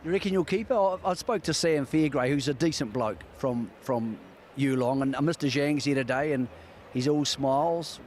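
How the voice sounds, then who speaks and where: A man's voice: mid-range voice, normal speed, darkish tone, slight background noise. A man hosting a racing show, chatting with a trainer in a matey way and asking leading questions. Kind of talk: casual interview. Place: outdoors at a racecourse.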